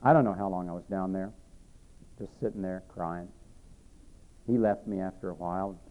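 A man preaching and telling his own conversion story in an earnest way, repeating himself, rising and then dropping to a hush. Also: low voice, normal speed. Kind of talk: sermon testimony storytelling. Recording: tinny phone-like sound.

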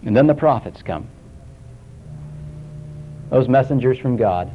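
A man preaching a sermon, swinging between soaring emphasis and hushed, low scripture quotations. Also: animated, a little slow, pauses often, slight background noise. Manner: dramatic rises and drops, quoting scripture in a hushed low voice. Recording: dull lo-fi recording.

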